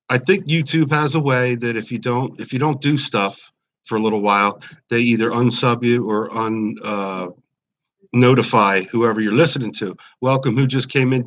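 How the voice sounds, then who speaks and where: A man's voice: mid-range voice, normal speed, a bit bright. Philly guy in his 40s, rambly live stream chat from home, mid voice, kinda dull lo-fi laptop sound. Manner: friendly, rambling, greets chatters by name. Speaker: YouTube livestream host. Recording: slightly dull lo-fi stream audio.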